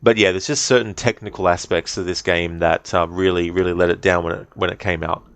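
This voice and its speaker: A deep-voiced Australian man chatting with his stream viewers, friendly and rambling. The sound is close and dry. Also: fairly even intonation, brisk, fairly bright tone, no room sound. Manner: rambling, friendly chat with fillers. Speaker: game streamer. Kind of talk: casual live-stream chat.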